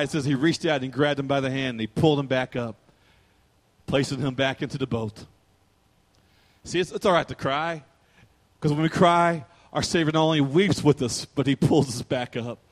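A man preaching a sermon as pastor, emotional and rising to fervent preaching. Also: a little high.

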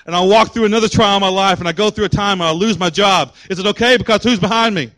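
A man's voice: sits high, fast talker, fairly bright tone. A middle-aged man preaching a sermon with call and response, building to impassioned exhortation. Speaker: pastor.

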